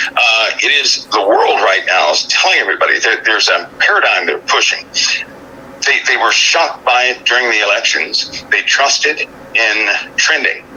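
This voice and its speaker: A man with a somewhat low, very sharp and tense voice calls in on a cell phone. He speaks haltingly, stumbling over and repeating words as he builds a grave, foreboding point. A faint hiss sits under his voice. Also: poor audio. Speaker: guest. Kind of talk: call-in interview.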